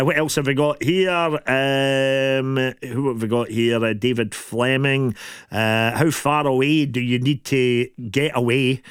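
A man's voice: on the high side, a bit bright, no room sound, studio quality. A middle-aged Scottish man hosting a radio show, telling stories and breaking into laughter in casual banter. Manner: laughing, storytelling, quick asides.

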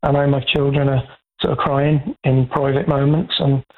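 Male caller, halting and hesitant, flat voice, tinny phone line. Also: mid-range voice. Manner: halting, hesitant, many fillers. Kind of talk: radio phone-in call.

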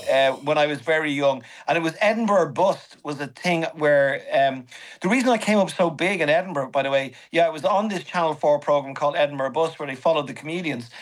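A middle-aged man, a comedian guest, telling animated anecdotes on a radio show and acting out the quotes. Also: a little high, brisk, poor audio. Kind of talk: storytelling radio interview.

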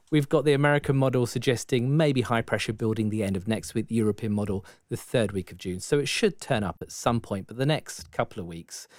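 A man's voice: medium pitch, darkish tone, dry recording, studio quality. A man giving a radio weather forecast in a chatty, lightly humorous way. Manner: chatty, light humour, some fillers. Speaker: weather presenter.

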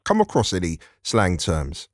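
A man's voice: low-pitched, wildly swooping pitch, measured pace, no echo, studio quality. A male radio presenter chatting with a caller on a phone-in show, talking in a friendly way with plenty of fillers. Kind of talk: phone-in chat. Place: radio studio.

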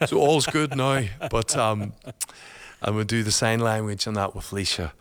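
Guy telling a story, lowish voice, laughs a lot, very chatty. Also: normal speed, clean tone. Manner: chatty, laughs often, colloquial. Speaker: guest, father. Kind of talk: personal storytelling in conversation.

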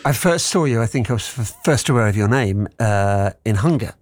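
A man's voice: fairly low pitch, animated, a little fast, no room sound, studio quality. A man hosting a radio interview, enthusiastic and gushing, laughing often. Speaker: radio presenter.

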